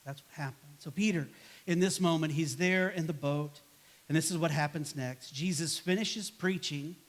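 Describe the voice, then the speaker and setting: A man's voice: on the high side, normal speed. A man preaching a sermon as pastor in a church, casual and conversational, acting out grumbling replies to make his points. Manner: conversational, acts out quoted voices with a sigh and grumble.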